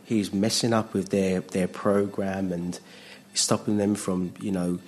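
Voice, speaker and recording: A man preaching a sermon in a jokey, animated way, acting out voices with big jumps in pitch. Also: measured pace, slight background noise.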